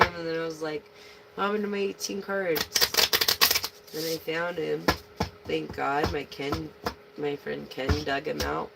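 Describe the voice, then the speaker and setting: A woman's voice: deep voice, creaky, heavy background noise. A woman giving a casual live tarot reading, slangy and profane, speaking to her viewers as a collective. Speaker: tarot reader.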